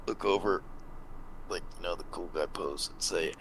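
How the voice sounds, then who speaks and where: A chatty, joking man playing a tabletop game with friends. His voice is lowish and bright, with faint background noise. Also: normal speed. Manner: joking, talkative. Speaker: player. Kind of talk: casual tabletop play.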